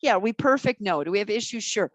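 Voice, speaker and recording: A woman's voice: medium pitch, animated, fast talker, no echo. A woman hosting a podcast interview, talking in an enthusiastic, playful, teaching way. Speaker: podcast host. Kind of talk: casual interview chat.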